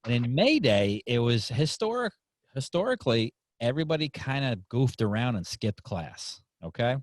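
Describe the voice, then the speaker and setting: Animated man telling a story. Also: medium pitch, moderate pace, no room sound. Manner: animated, acts out voices in anecdotes. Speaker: podcast host. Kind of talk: casual storytelling interview.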